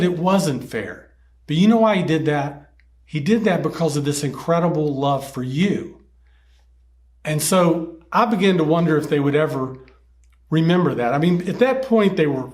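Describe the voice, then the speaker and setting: A man telling a story from teaching children, halting and repeating words, acting out the children's shouts in a higher voice. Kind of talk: storytelling talk.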